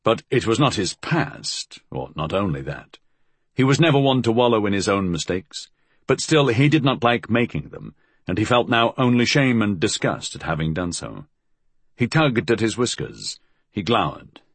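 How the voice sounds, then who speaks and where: A male audiobook narrator with a low, husky voice that moves in lively rises and falls through the story. He reads in a measured, expressive way, close and dry with no room sound around him. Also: dry recording.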